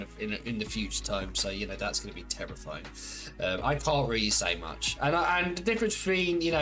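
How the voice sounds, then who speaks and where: A man's voice: on the high side, pushed and bright. A man streaming a game, chatting casually with viewers in a playful, teasing, rambling way full of fillers and restarts.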